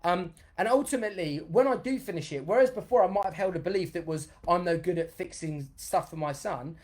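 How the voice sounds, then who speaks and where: A man, a dance educator hosting a live-streamed motivational workshop, chatty and energetic, reading viewer comments aloud as he goes. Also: high-pitched, fairly quick. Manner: bursts into loud cheers for emphasis.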